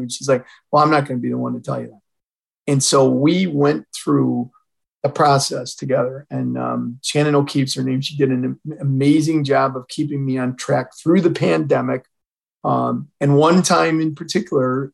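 Speaking in a steady, mid-range voice with vocal fry and a breathy edge, this retired fire chief from Illinois moves along fairly quickly. He's an older man sharing a personal story on a podcast and voicing the dialogue himself, captured on a low-quality recording.

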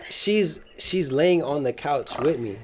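A man on a podcast, casually telling a story in a slangy, animated way and laughing often. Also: a little high, slow pace, crowd noise. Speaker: podcast cast member.

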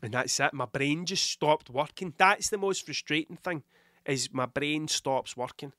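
A man's voice: a little high, measured pace, pushed and bright, no echo, studio quality. A Scottish man with a cold, coughing now and then, talking in a rambling, blunt, heavily sweary monologue. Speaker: podcast host. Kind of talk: casual monologue.

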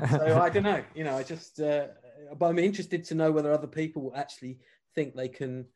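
Dry, sardonic man, higher-pitched. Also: brisk, a little mellow. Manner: dry, sardonic, self-deprecating. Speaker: panelist. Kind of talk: casual group chat.

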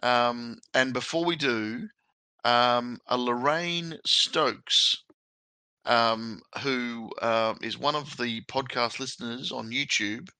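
Brief: Australian male podcast host, forceful tone, dry close sound, easygoing. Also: medium pitch, slow pace, clean tone, no echo, poor audio. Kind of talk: casual podcast chat.

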